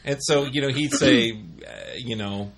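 A man's voice: medium pitch, unhurried, fairly bright tone. A middle-aged man casually telling rambling office stories, full of fillers and restarts. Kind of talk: casual storytelling chat.

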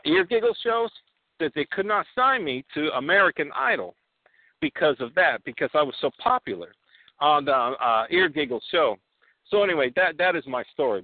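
A man's voice: a little high, no room sound. A man calling in and rambling through a boastful story with lots of fillers. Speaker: caller. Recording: tinny phone line, dry.

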